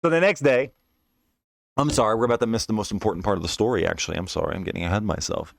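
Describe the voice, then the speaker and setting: Man telling a profane, animated story. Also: lowish voice, racing, vocal fry, a little hiss or hum. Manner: profane, slangy and animated, with frequent restarts and asides. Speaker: streamer telling a personal story. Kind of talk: casual first-person storytelling.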